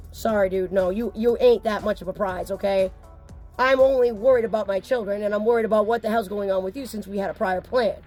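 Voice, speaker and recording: A woman's voice: mid-range voice, darkish tone. A woman talking to camera as a mother speaking out, upset, insistent and blunt, with occasional swearing. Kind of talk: emotional personal vlog.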